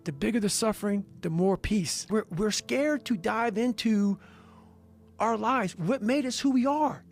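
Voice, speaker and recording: Gravelly high-pitched man, intense and profane. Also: measured pace. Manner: intense, profane, hammering repetition. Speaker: motivational speaker. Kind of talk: motivational talk. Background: faint music.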